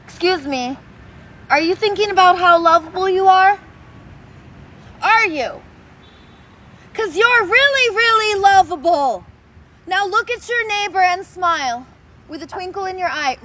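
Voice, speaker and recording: High, lively woman streaming outdoors. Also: normal speed, long pauses. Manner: playful, doting and sing-song. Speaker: livestreamer reading chat. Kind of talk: casual livestream chat. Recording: noisy outdoor street recording. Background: traffic noise.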